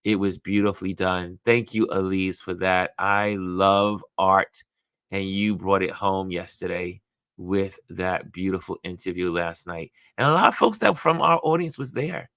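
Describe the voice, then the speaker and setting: A talkative man hosting a live online show, loose and conversational, breaking off to greet viewers. His voice sits on the low side and is recorded close and dry, with no room sound around it. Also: unhurried, a bit bright, smooth, dry recording. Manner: chatty, greets viewers by name, many restarts. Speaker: livestream host. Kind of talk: casual live-stream commentary.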